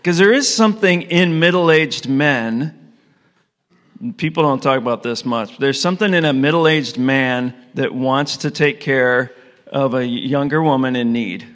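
A man's voice: medium pitch, unhurried, fairly bright tone. A middle-aged man preaching a conversational sermon, telling a story and asking his listeners questions. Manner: casual, storytelling, asks the audience questions. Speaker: pastor. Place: church hall with an audience. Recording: long hall reverb.

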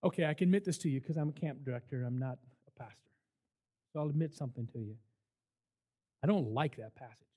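An older man, a camp director, giving a sermon full of stories, emphatic and animated as he acts out what people said. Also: medium pitch, quick pace, long pauses. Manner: animated, emphatic storyteller who acts out quotes. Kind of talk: sermon with storytelling.

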